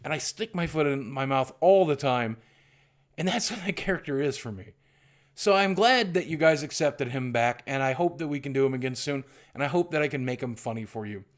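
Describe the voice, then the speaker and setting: A man's voice: medium pitch, expressive, a little fast. A middle-aged man from southwestern Virginia, talking in a candid, rambling, self-deprecating vlog monologue with frequent restarts. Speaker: YouTuber.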